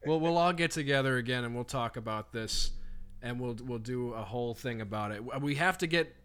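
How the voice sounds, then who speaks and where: A man co-hosting a comedy podcast, jokey and quick to laugh, building on bits. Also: mid-range voice, fairly bright tone, clear, resonant tone, soft background music. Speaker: podcast co-host. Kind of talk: casual podcast banter.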